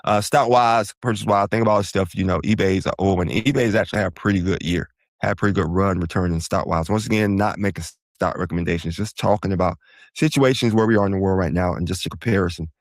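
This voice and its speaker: A man's voice: low voice, fast, no room sound, studio quality. A man hosting a podcast, explaining money matters in a casual, rambling way that wanders off and corrects itself. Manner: rambling, digressive, self-correcting. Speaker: podcast host. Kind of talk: casual solo finance explainer.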